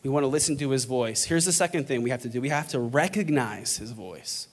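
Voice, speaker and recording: A young man preaching a sermon in a church, joking and lively, swinging between loud bursts and hushed passages. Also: mid-range voice, brisk. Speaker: pastor. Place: church auditorium.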